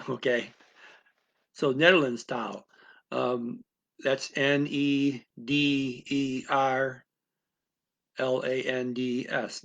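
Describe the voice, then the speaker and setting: Rambling man with a gravelly voice. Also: medium pitch, fairly bright tone. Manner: rambling, many restarts and fillers. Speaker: language teacher. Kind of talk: casual unscripted explanation to camera.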